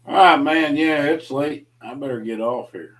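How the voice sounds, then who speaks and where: A man's voice: on the high side, normal speed, fairly bright tone. Teasing, joking man on a livestream. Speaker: guest on a livestream. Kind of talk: casual late-night chat.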